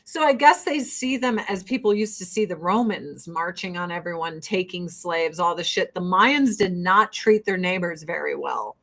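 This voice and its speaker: A woman's voice: on the low side, normal speed, few pauses, a bit bright. A woman doing her makeup while ranting in a blunt, profane, fired-up way. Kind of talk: casual get-ready-with-me rant.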